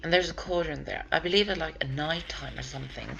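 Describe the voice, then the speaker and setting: A woman's voice: sits low, fast, creaky, a bit bright, highs cut off, a little hiss or hum. A woman giving casual, rambling commentary over a video game walkthrough, thinking aloud as she plays.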